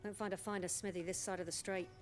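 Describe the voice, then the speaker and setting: An actress playing a village woman in a video game who gives directions in a flat, plain delivery. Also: lowish voice, fast, soft background music, lightly acted. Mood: helpful.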